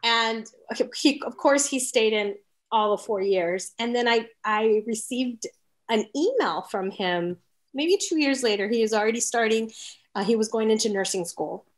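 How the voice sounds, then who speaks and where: Animated woman telling teaching stories. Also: a little high, moderate pace. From Texas. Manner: animated storyteller acting out quoted voices. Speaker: orchestra conductor and teacher. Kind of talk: casual interview storytelling.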